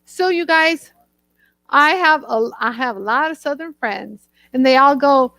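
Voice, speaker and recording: Bubbly high-voiced woman chatting live. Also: a little slow, bright, forceful tone, dry recording. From northern United States. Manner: bubbly, gushing, chatty, laughs often. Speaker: host of a live jewelry tool demo stream. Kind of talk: casual live-stream chat with viewers.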